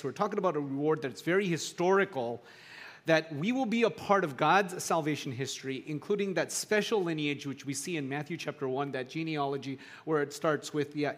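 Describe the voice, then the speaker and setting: A middle-aged man preaching a sermon in a conversational, animated way, building to emphatic peaks. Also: a little high. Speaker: pastor.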